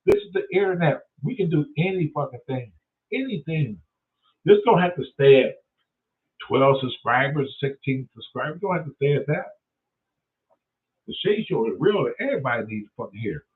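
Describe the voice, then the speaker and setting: A man's voice: a little high, expressive, moderate pace, far from the mic. A man hosting his own show, swearing constantly and retelling Bible stories in street talk. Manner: swears constantly, acts out characters in voices. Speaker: host. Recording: tinny phone-like sound, voice off-mic.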